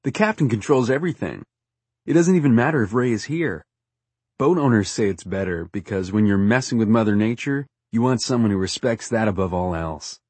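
An easygoing young man who lays out how boats work in a plain, matter-of-fact tone, as a male narrator voices him. He sounds husky and unhurried, recorded close and dry. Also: fairly low pitch, lively intonation, darkish tone, no echo.

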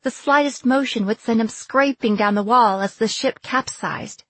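A woman narrates a first-person adventure story with measured, even storytelling. Her voice carries a husky, breathy grain. The recording is dry and close, with no room sound. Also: a little high, no room sound. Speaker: audiobook narrator.

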